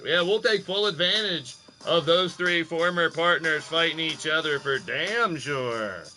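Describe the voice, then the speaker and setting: A man's voice: fairly high pitch, bright, forceful tone. A man hosting a live stream of simulated wrestling, chatting with viewers in a loose, profane, playful way. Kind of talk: casual live-stream commentary.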